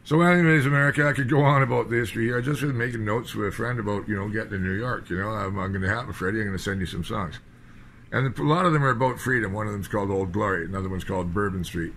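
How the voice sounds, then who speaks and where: Low-voiced man, rambling political rant, sardonic, faint background hiss. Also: rapid-fire, fairly bright tone. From British Columbia, Canada. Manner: digressive, sardonic, talks in loose fragments. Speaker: political commentator. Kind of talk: rambling monologue.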